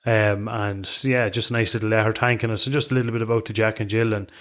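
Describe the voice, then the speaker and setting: Blunt, laughing Irish podcast co-host. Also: male voice, lowish voice, little pitch movement, fast talker, a bit bright. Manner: blunt, laughs often, heavy swearing. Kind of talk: casual chat.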